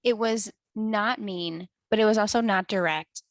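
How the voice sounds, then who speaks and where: A woman's voice: medium pitch, measured pace. Blunt woman on a call. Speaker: coaching participant.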